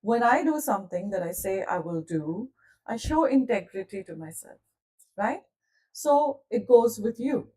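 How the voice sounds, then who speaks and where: A woman leading a live online coaching session, speaking gently and calmly and asking her listeners questions directly. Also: mid-range voice, unhurried, far from the mic, poor audio. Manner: gentle, calm, soothing delivery. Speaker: self-development coach.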